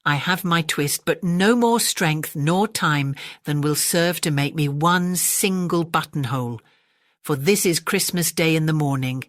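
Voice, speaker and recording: A woman's voice: sits low, a little slow, no room sound, studio quality. A woman voicing a poor, weary old male tailor who speaks in a fretful way in a storybook reading.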